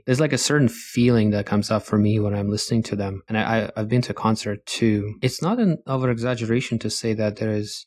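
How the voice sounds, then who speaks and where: A man co-hosting a podcast, talking earnestly in a casual conversation and lifting his voice as he acts out remembered reactions. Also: breathy edge. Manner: earnest and expressive, jumps higher acting out quoted reactions. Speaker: podcast co-host.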